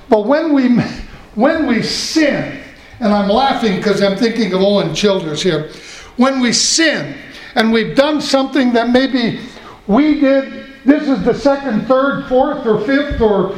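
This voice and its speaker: Folksy male preacher in an echoey church. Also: very high-pitched. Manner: folksy, slows down to repeat key points. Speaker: pastor. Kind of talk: sermon.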